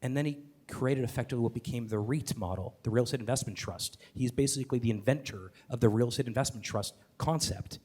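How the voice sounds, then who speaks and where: An eager man at a mid pitch, speaking in a live onstage conversation. He rushes ahead with restarts and fillers, then swears casually for emphasis. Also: a little mellow, husky. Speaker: podcast host and guest speaker.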